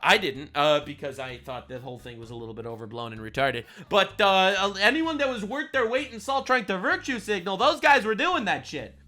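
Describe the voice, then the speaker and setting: A man's voice: high voice, very animated, a little fast, few pauses, sharp tone. A man delivering ranting commentary, sarcastic and full of profanity, with angry outbursts. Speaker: online commentator.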